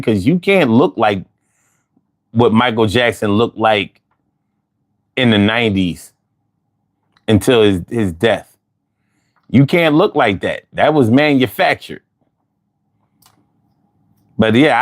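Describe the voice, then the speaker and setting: A man hosting a livestream, chatting casually and reading out viewer comments in a drawling, animated way. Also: mid-range voice. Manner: drawling, animated, talks back to chat. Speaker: livestream host.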